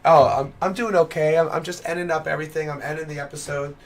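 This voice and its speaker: A young man with a hoarse, worn voice, streaming and chatting casually with his viewers, rambling with lots of fillers and calling them dude and brother. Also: fairly high pitch, steady tone, quick pace. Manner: rambling, fillers of "you know what I mean". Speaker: streamer hosting a web show. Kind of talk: casual live-stream chat. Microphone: headset.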